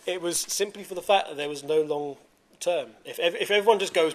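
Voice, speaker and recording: A man's voice: on the high side, very animated, moderate pace, a bit bright, slight background noise. A man hosting a casual podcast, rambling and restarting his sentences, laughing easily. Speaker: podcast host.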